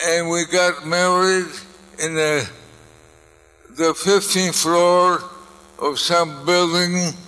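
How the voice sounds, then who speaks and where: An older man telling personal stories to an audience, speaking slowly with halting restarts. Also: a little high, a bit bright. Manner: slow, halting delivery with restarts. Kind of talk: storytelling speech. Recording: long reverb of a large hall.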